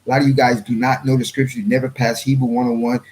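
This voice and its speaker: A man hosting his own channel, reading viewer comments in a rambling, blunt way and clearing his throat often. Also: medium pitch, level tone, fast, a little mellow, poor audio. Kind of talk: casual livestream commentary.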